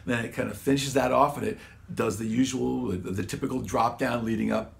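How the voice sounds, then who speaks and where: A man's voice: mid-range voice, steady tone, fairly quick, gravelly. A man, a songwriter and guitarist, walks through how he recorded his vocals in a casual, rambling way, dropping slang like "man" and "dude". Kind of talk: casual home-studio walkthrough.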